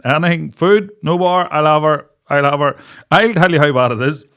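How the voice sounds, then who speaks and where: A man's voice: fairly high pitch, normal speed, smooth. A young man, co-hosting a podcast, telling a story in casual chat and acting out the voices of the people in it. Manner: animated storyteller, acts out quoted voices, laughs often. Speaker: podcast co-host.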